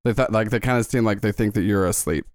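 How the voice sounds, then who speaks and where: A man's voice: lowish voice, quick pace, no room sound, clean studio sound. A man narrating as game master of a tabletop game, rambling with many fillers.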